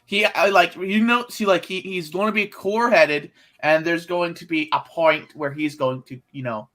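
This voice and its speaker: A man playing a tabletop game, talking in a halting, rambling way. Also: on the high side, sharp tone. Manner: rambling, halting, lots of fillers. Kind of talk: casual tabletop role-play.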